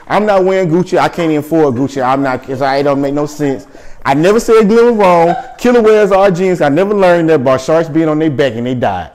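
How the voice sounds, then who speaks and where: A man's voice: a little high, a little mellow. A young man co-hosting a casual chat, talking defensively and repeating himself on a rant. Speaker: co-host.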